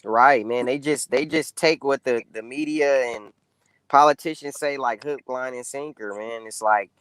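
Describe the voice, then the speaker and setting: A man's voice: medium pitch, moderate pace, fairly bright tone, smooth, no echo, poor audio. A man speaking as a guest in a casual political discussion, loose and conversational with lots of fillers.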